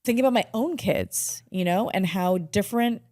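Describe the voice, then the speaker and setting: A woman hosting a podcast, who speaks in a calm, measured, reflective way. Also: medium pitch, dry recording, studio quality. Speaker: podcast host. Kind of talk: supportive interview conversation.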